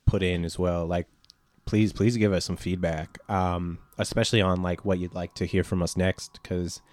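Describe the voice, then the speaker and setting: Deep-voiced male co-host, hesitant. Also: little pitch movement, normal speed, darkish tone. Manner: hesitant, with lots of "like" and "uh". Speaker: podcast co-host. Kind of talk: casual movie chat.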